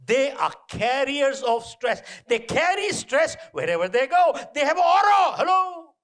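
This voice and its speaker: Man doing a motivational talk, high voice, swings up and down a lot, punchy repeats and "hello?" questions to the crowd. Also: unhurried. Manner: animated, punchy repetition, rhetorical questions. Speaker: motivational speaker. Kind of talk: live talk to an audience. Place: indoor event venue.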